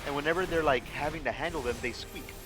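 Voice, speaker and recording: A man's voice: fairly high pitch, fast talker. A man streaming a game, chatting casually in a rambling, playful way and often correcting himself mid-sentence. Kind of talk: casual chat while gaming. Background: game music.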